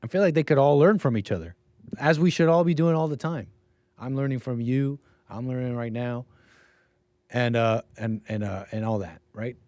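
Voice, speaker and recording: A man hosting a livestream, reacting to a debate clip in a chatty, animated way. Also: mid-range voice, moderate pace, no room sound. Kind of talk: casual reaction commentary.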